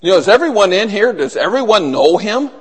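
A man preaching a sermon to a small group, husky and losing his voice, earnest and building to urgent emphasis. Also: high-pitched, big pitch swings, brisk. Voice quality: husky, throat-clearing. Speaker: pastor. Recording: long hall reverb.

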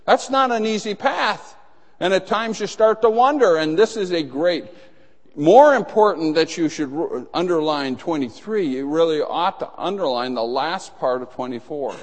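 A man's voice: a little high, lively intonation, normal speed. A man preaching a sermon, emphatic, acting out the dialogue of the people in his story. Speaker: pastor. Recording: long hall reverb.

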